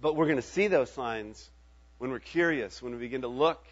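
A man's voice: mid-range voice, normal speed, highs cut off. A middle-aged man preaching a sermon in a conversational way, often checking in with his listeners. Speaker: pastor.

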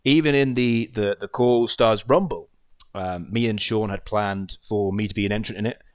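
A man with a lowish voice gives a loose, heartfelt spoken tribute. He wanders from story to story, often dropping to a quiet trail at the ends of his thoughts. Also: moderate pace, dull audio. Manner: rambling storyteller, trails off softly. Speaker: creator of an online wrestling show.

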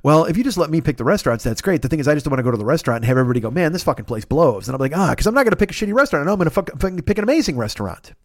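A man in his fifties hosting a casual solo podcast, rambling, excitable and full of profanity. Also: fairly high pitch, rapid-fire, hardly any pauses, no echo, studio quality. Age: 50s. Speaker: podcast host.

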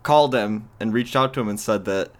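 A man's voice: on the low side, fairly quick. A man co-hosting a podcast in casual chat, retelling events with disbelief and many "like"s. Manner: incredulous storytelling, lots of "like". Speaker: podcast co-host.

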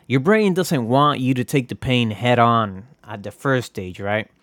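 A man's voice: medium pitch, unhurried, fairly bright tone, no echo. Guy rambling thru his podcast, swears a lot, dry close mic. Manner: rambling, profane, self-deprecating. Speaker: podcast host. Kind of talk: casual solo podcast monologue.

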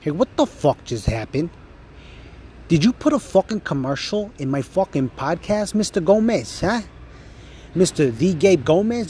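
Foul-mouthed mob boss guy, as a man puts him on, ranting and threatening, lively swinging pitch. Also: slight background noise. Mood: furious. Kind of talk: comedic rant monologue.

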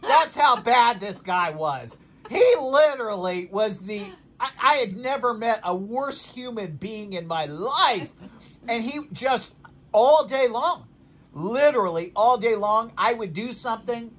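A male pastor co-hosting a casual faith podcast. His pitch swings widely as he tells animated stories, and he laughs often while he talks. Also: unhurried. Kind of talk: casual faith chat, storytelling.

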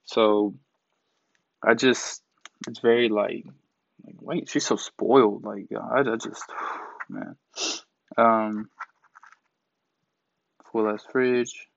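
A man's voice: lowish voice, expressive, very slow, gravelly, pauses often, no echo. A young man in his twenties ranting in a casual commentary vlog, blunt and profane, with many fillers and mocking quotes of others. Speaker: commentary vlogger. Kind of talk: casual rant. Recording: dry, slightly dull mic sound.

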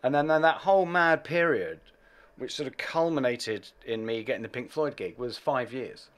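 A middle-aged English man, a bass player, telling animated anecdotes in a casual interview and laughing between phrases. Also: normal speed. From England.

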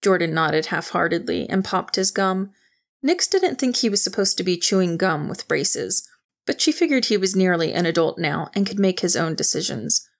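A woman reading a novel aloud in steady, even storytelling narration. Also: fairly low pitch, normal speed. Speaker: audiobook narrator. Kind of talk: scripted narration.

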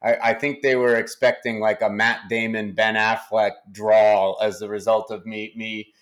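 Guy with a new hampshire accent, a bit low, ceo guest in an interview, stop-start talk. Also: level tone, a bit bright. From New Hampshire, United States. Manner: halting, repeats words often.

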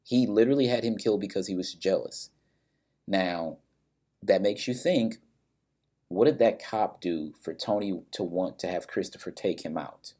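A man's voice: low-pitched, moderate pace, dark tone, slightly rough. A man casually recapping a story and its characters, bluntly and with some swearing, briefly acting out the lines of people in it.

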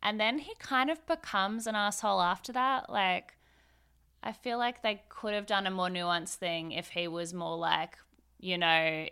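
Gravelly-voiced woman sharing opinions. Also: on the low side, normal speed, sharp tone. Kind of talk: casual film review chat.

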